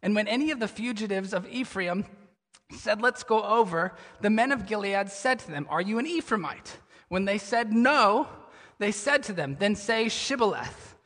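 A male pastor preaching a sermon, telling stories with animation and sinking into a low, somber tone. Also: lively intonation, moderate pace, a bit bright, in a large hall.

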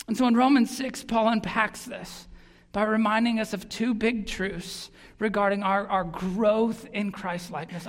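A pastor preaching a sermon in an earnest, emphatic way, often repeating words for stress. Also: medium pitch. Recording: long reverb of a large hall.

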